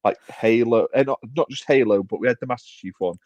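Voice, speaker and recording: A man's voice: mid-range voice, fast, a little mellow, no echo, highs cut off. A man co-hosting a podcast in casual chat, rambling with restarts and self-deprecating jokes. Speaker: podcast co-host.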